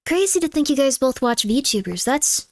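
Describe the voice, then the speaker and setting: A woman with a high, light voice chats with her stream viewers and reads their messages aloud. Now and then she goes soft and cooing with her cat. The sound is dry and close, with no room behind it. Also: sing-song, moderate pace, no echo. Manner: chatty, reads chat aloud, coos softly to her cat. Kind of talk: casual live-stream chat. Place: home room.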